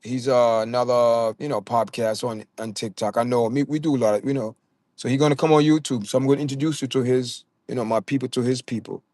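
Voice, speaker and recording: A man's voice: mid-range voice, fairly even intonation, quick pace, a little mellow, no room sound, clean studio sound. A man with a Jamaican accent hosting a casual livestream, talking straight to his chat viewers and often stammering and repeating words. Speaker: livestream host.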